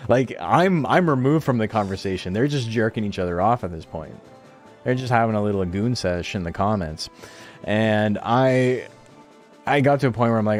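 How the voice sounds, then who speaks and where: Faint music plays as a young man rants casually about his viewers on a home stream, cursing often and mimicking chat messages in mocking voices. He speaks expressively at a moderate pace, his voice on the low side.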